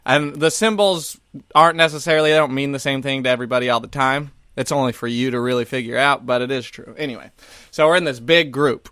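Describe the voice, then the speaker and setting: A man's voice: medium pitch, steady tone, quick pace, a bit bright, clean tone, no room sound, clean studio sound. A man co-hosting a comedy podcast, telling rambling, profane stories and laughing often. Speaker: podcast co-host. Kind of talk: casual comedy podcast chat.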